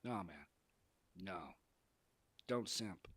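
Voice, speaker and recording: A man's voice: deep voice, expressive, very slow, a bit bright. A man talking straight to camera, giving dating advice in an emphatic, preachy way, repeating phrases for effect. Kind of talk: casual advice monologue.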